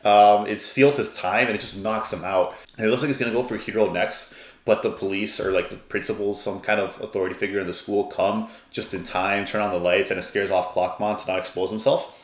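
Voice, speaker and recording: A man's voice: fairly low pitch, steady tone, brisk, echoey room. A man reviewing an anime episode in a casual, rambling, enthusiastic way, with lots of fillers.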